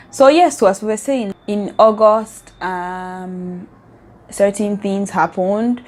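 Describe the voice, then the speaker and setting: A woman's voice: medium pitch, slow, darkish tone. Earnest Nigerian woman vlogging. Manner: earnest, heartfelt, emotional. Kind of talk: casual reflective vlog.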